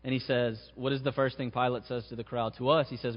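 A man's voice: mid-range voice, steady tone, fast, few pauses. A man delivers a sermon in a large church hall, his voice swelling on the key phrases. The long reverb trails after each line, and the sound is a little muffled. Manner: preaching with rising emphasis on key phrases. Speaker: pastor.

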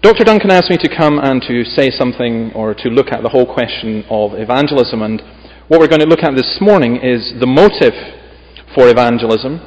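A man's voice: medium pitch, lively intonation, fairly quick, a little mellow. Brief: male Scottish preacher, emphatic reader, friendly asides, long church reverb, muffled lo-fi sound. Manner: emphatic scripture reading with chatty humorous asides. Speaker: visiting preacher. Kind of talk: sermon.

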